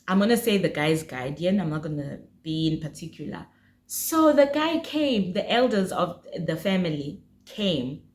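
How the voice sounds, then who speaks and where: A woman telling a casual storytime to her viewers, chatty and animated. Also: fairly low pitch, measured pace. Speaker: vlogger. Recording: roomy echo.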